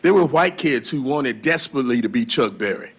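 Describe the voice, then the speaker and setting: This man's voice is husky and mid-range, fairly quick, with lively intonation. Lecturing before a live audience as a blues historian and guitarist, he tells folksy stories and slides into song, guitar playing in the background.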